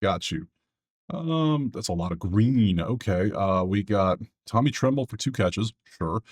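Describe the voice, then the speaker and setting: A husky, darkish, lowish male voice runs a solo sports betting video, animated as he clicks through stats on screen. He chats loosely to himself and drops quick asides throughout his casual commentary.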